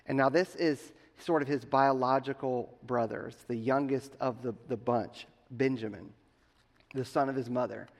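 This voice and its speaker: A man's voice: medium pitch, steady tone, moderate pace. A man preaching a sermon who retells the story casually and talks directly to the congregation. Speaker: pastor. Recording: long reverb of a large hall.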